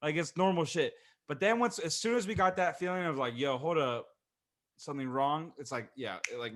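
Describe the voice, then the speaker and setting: A man's voice: fairly high pitch, brisk, a bit bright. A young man co-hosting a podcast, bantering casually, swearing and calling people bro and dude. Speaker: podcast co-host.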